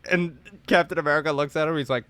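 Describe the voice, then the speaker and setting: A man's voice: medium pitch, moderate pace, fairly bright tone, no room sound. A man co-hosting a casual podcast, rambling through movie stories with fillers and crude jokes. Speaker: podcast co-host. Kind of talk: casual chat.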